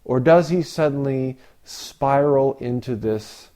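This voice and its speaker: A man giving a reflective Zen dharma talk, asking rhetorical questions with long pauses. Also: mid-range voice, expressive, warm tone. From Canada. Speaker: Zen teacher.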